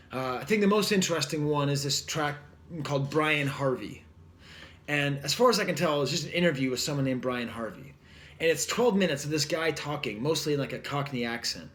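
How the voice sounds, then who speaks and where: A man's voice: a little high, a bit bright. A man casually reviewing an album, rambling with lots of fillers in a wry tone. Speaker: record reviewer.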